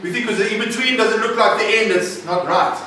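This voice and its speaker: Man preaching, high voice, echoey hall, far from the mic, emphatic, faint room noise. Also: fairly quick, sharp tone. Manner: emphatic, questioning the audience. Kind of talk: sermon. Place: recovery centre meeting room.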